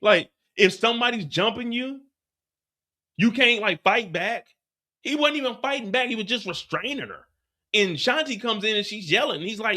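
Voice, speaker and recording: High, bright-voiced man recapping a show. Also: fairly quick. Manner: animated, stammering restarts, profane. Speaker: host of a live TV after show. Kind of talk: casual live episode recap.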